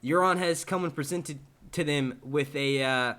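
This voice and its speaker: A man putting on the voice of a rowdy male commentator, narrating pictures with crude, halting jokes. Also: on the high side, pushed and bright. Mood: mocking.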